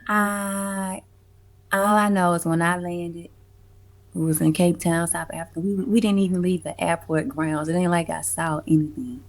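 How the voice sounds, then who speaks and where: Low gravelly woman, slangy storyteller. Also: normal speed. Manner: expressive, slangy, profane. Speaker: music event curator, guest. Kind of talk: casual storytelling interview.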